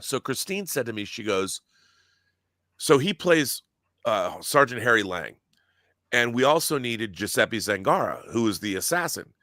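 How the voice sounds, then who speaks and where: A man telling excited, geeky stories in casual podcast chat, often acting out quotes and restarting his sentences. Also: mid-range voice, unhurried, no echo, clean studio sound. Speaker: guest, audio drama producer.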